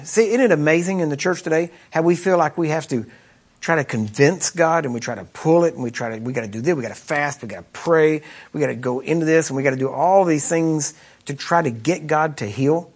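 A man with a somewhat raised pitch and a husky, breathy edge preaches a sermon. He talks to the congregation as if in conversation, pressing his points with rhetorical questions and repeated phrases. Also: brisk. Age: adult with children.

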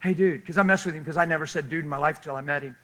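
A man preaching, telling a lively story and acting out the people in it, often laughing as he goes. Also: fairly high pitch, very fast, rough recording. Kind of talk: animated storytelling sermon.

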